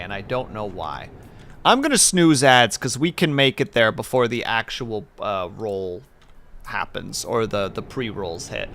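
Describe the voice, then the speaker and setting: A man's voice: lowish voice, lively intonation, a little slow, creaky, fairly bright tone, a little hiss or hum. A man casually chatting with viewers while streaming a game, playful and jokey. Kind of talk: casual gaming stream chat.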